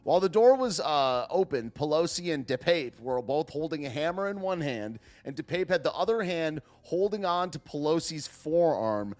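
Brief: male streamer, casual rambling commentary, higher lively voice, faint music behind. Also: moderate pace, few pauses. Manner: rambling, full of fillers and restarts.

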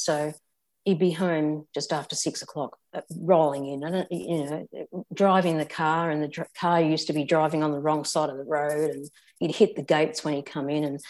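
Older Australian woman, low-pitched, candid storyteller, reflective and halting. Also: a little mellow. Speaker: interview guest. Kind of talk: personal storytelling.

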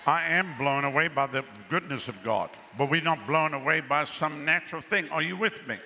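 A man's voice: on the high side, normal speed, pushed and bright. A man preaching a sermon as pastor. He is exclamatory and keeps calling out to the crowd for responses, in a venue with a crowd. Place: outdoor pavilion with a crowd. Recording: long reverb with faint ambient noise.

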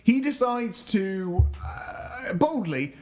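Guy with a high voice, chatty, jokey film recap on a podcast. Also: very animated, drawn-out words, darkish tone, a little hiss or hum. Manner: jokey, retells scenes with quoted lines. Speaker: podcast co-host. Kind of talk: casual chat recapping a film.

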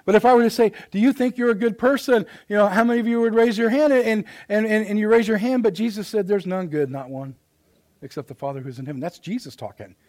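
High-voiced middle-aged pastor preaching. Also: male voice, steady tone, fast. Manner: swings from loud emphatic preaching to hushed quiet asides; plain folksy speech. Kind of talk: sermon. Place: church sanctuary.

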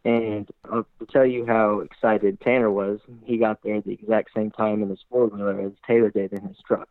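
Brief: low-voiced man, eager rambling storyteller, phone-quality dry audio. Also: normal speed, no room sound. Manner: animated, rambling, heavy use of "like". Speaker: hunter guest. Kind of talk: excited storytelling in conversation. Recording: tinny phone-like line, dry.

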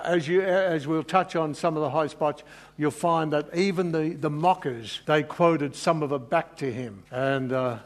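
A man preaching a sermon in an earnest, emotional way, rambling and restarting as he goes. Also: a little high. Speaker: pastor.

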